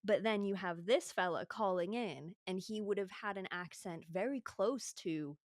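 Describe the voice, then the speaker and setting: A woman's voice: mid-range voice, normal speed, no room sound, clean studio sound. A woman from Yorkshire co-hosting a true-crime podcast, explaining in a chatty way with lots of filler words. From Yorkshire, England. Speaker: podcast co-host. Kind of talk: casual true-crime chat.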